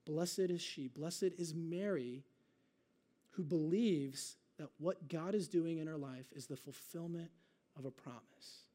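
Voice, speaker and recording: A man preaching a sermon, moving between conversational asides and slow, dramatic readings of scripture. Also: on the high side, warm tone. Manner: dramatic readings with slowed, drawn-out emphasis. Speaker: pastor.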